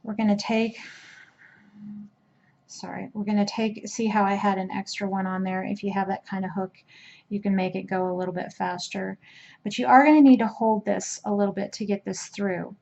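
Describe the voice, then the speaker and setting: A woman's voice: mid-range voice, fairly even intonation, normal speed, gravelly, a little mellow, muffled recording. A woman teaching a crochet trim step by step in a casual, chatty way, with fillers and restarts. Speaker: crochet instructor.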